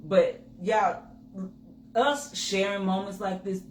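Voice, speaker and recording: A woman talks candidly to viewers alongside her husband and tells her stories with animation, acting out her own thoughts in sudden bursts. Her voice sits mid-pitch. The room rings noticeably and a faint hiss sits underneath. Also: takes it slowly. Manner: animated storytelling, acts out her own inner voice. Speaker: co-host. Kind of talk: candid couple's chat to viewers. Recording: roomy with faint noise.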